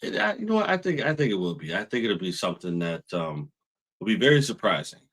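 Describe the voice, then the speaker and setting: Low-voiced, laid-back co-host man. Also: very animated, fast, a bit bright, husky. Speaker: podcast co-host. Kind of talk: casual wrestling show review.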